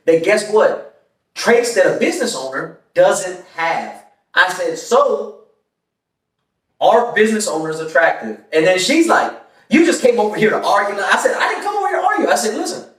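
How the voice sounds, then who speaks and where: A man's voice: sits high, distant mic. A man hosting a casual podcast, telling a story with laughs and acted-out quotes. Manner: animated, laughing, acts out quotes in voices. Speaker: podcast host. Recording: echoey room, off-mic.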